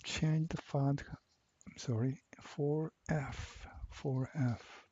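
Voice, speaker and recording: A man walking through a software assignment step by step, repeating each instruction slowly. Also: on the high side, fairly even intonation, breathy edge, highs cut off. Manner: slow, step-by-step, repeats cell names. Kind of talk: screen-recorded software tutorial.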